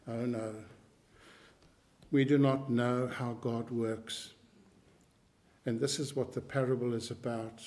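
A man preaching a sermon, slow and emphatic, repeating key phrases and clearing his throat now and then. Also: medium pitch, level tone, darkish tone.

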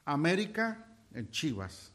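Impassioned preacher. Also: male voice, fairly high pitch, very animated. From Mexico. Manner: impassioned, halting with restarts, swings between loud and soft. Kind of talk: sermon.

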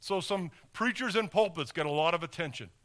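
High, bright-voiced male preacher. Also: a little fast. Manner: conversational, with rhetorical questions and sports analogies. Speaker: pastor. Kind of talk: sermon.

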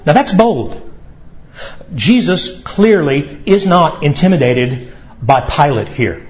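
A male pastor delivering a sermon, preaching emphatically with dramatic pauses. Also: fairly high pitch, expressive, dull audio.

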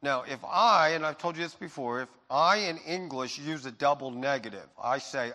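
A male pastor preaching with a bright, forceful voice that carries through a large hall with long reverb. He swings from loud emphasis to quiet reassurance as he speaks to his congregation. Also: medium pitch, moderate pace. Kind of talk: sermon.

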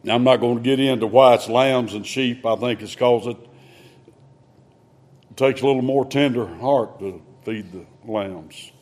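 A man preaching a sermon in a folksy, conversational way, swinging between loud emphasis and hushed asides. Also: mid-range voice, measured pace.

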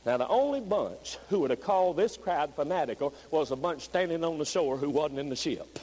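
A man preaching a revival sermon, moving from low, plain talk up to high, shouted pleading. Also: animated, a little fast, rough recording.

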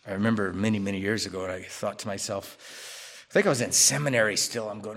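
A man preaching a sermon as a pastor, talking conversationally, rising to loud emphatic bursts, dropping to quiet asides, and acting out quoted people. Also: lowish voice, steady tone, quick pace. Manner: acts out quoted people in his own voice.

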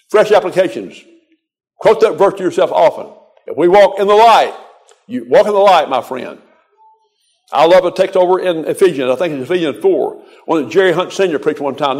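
A man's voice: on the high side, darkish tone. An older man preaching a folksy, exhorting sermon, quoting scripture in a rhythmic cadence.

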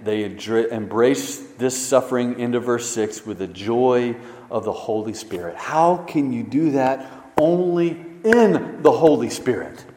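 A man preaching a sermon as pastor, swinging between loud emphasis and hushed, low stresses. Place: church sanctuary. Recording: echoey church hall.

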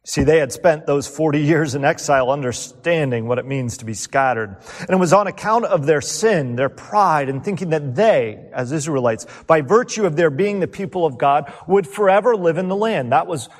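A man preaching a sermon with earnest rhetorical questions, letting key words fall quiet. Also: a little high, long reverb tail.

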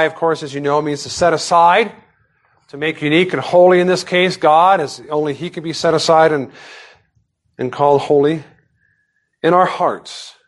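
A man as pastor, preaching a sermon with prayers and a scripture reading in a measured way. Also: medium pitch.

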